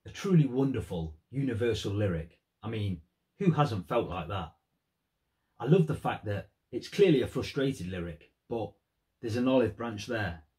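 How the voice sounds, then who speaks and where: A man's voice: on the low side, expressive, normal speed, mellow. A man giving earnest, thoughtful commentary on song lyrics in a vlog. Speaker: music vlogger.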